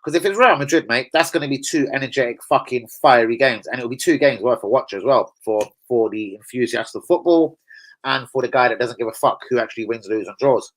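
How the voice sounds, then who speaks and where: A man's voice: medium pitch, a little fast, rough recording. A young man, casually chatting and swearing as he hosts a live stream and answers viewers. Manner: swearing, chatty, laughs often, answers chat.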